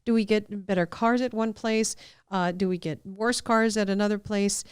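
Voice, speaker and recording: A woman's voice: medium pitch, steady tone, moderate pace, smooth, studio quality. A woman hosting a podcast, asking friendly questions and echoing her guest's answers. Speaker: podcast host. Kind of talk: casual interview talk. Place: podcast studio.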